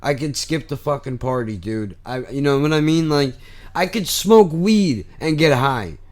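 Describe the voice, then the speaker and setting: A young man hosting a podcast, ranting bluntly and heatedly with constant swearing. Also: a little high. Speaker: podcast host. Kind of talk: ranting monologue.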